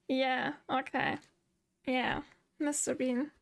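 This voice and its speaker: High gravelly streamer woman. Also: unhurried, pauses often. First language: German. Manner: excitable, talks to herself while thinking. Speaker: VTuber streamer. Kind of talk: live game stream chat.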